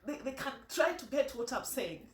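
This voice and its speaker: A woman with a Kenyan accent telling a story casually to camera, animated, laughing often and restarting her sentences. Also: sits high, moderate pace, reverberant, recorded from a distance, poor audio. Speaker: vlogger. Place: in the United Kingdom.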